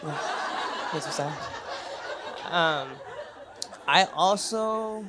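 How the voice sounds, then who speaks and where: A man's voice: on the high side, drawn-out words, heavy background noise. A young man telling a stand-up story on a club stage, talking conversationally, chuckling between lines and swearing freely. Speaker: stand-up comedian. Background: audience laughter.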